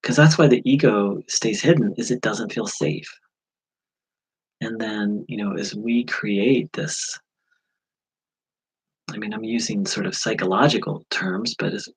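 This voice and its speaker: A man from the USA talking through a personal spiritual insight, halting, with many fillers and restarts. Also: lowish voice, breathy edge, rough recording. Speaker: spiritual teacher. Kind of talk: reflective spiritual vlog.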